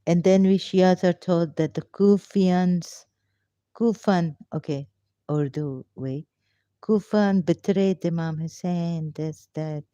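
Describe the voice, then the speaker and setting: Speaking slowly in a voice on the low side, dark yet clean in tone, an ex-Muslim commentator reads a religious text and breaks away into emotional, pleading rhetorical questions. The recording is dull, lo-fi and dry, with no echo.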